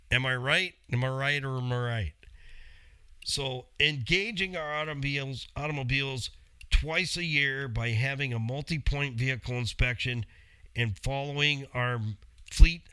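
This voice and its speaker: Bright, chatty man with a dry sound. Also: medium pitch, clean tone, no room sound. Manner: chatty, jokey asides, laughs often. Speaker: auto mechanic and channel host. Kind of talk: casual talk to camera.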